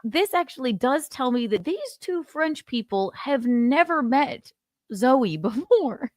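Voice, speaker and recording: A woman's voice: high-pitched, big pitch swings, slow, darkish tone, dry recording, clean studio sound. A woman co-hosting a casual comedy podcast, playful and laughing often as she mocks people in exaggerated voices. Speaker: podcast co-host.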